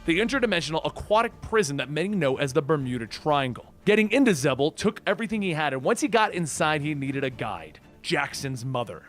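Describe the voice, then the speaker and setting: A man narrating a comic book story as a recap storyteller. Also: fairly high pitch.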